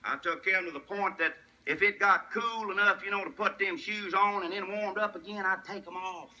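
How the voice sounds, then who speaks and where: Older Southern man with a West Tennessee twang, raised-pitch and bright, spinning homespun jokes. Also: fairly quick, low-quality recording. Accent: Southern US, rural West Tennessee. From Tennessee, USA. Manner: tall-tale humor, chuckling at his own punchlines. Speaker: storyteller. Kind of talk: folksy humorous storytelling.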